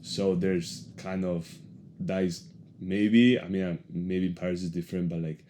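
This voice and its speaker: Male host, Spanish accent, very deep, rambling conversational questions. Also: level tone, a little slow, dark tone, slight background noise. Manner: rambling, searching for words. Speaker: podcast host. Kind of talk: casual interview talk.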